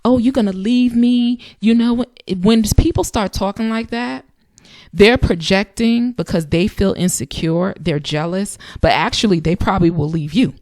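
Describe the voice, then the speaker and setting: A woman's voice: mid-range voice, moderate pace, darkish tone, dry recording, studio quality. A woman in her thirties hosting a channel, giving casual, emphatic advice in a conversational way and repeating phrases for effect. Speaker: channel host.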